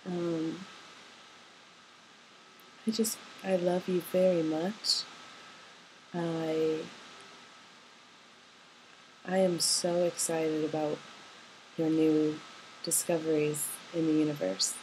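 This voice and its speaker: A young college-age woman speaks a personal voice message to someone she loves, wandering from thought to thought with soft hesitations. Her voice sits slightly low for a woman. A faint hiss runs under the recording. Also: flat delivery, slow pace, long pauses, low-quality recording. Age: young adult. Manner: rambling, tender and hesitant, with many ums. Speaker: college student.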